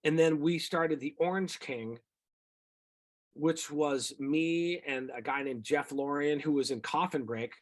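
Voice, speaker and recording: A middle-aged singer-songwriter telling rambling, animated stories about his music career in a casual interview. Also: on the high side, measured pace. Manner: rambling, animated anecdotes with quoted voices.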